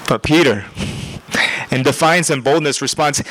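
A man's voice: mid-range voice, moderate pace, no echo, rough recording. Conversational young male preacher. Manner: conversational, animated, with laughs and emphatic repetition. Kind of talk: sermon.

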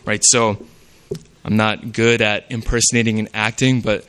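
Bright-voiced man preaching a sermon. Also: lowish voice, flat delivery, moderate pace, clean tone. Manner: conversational, often adds "right?".

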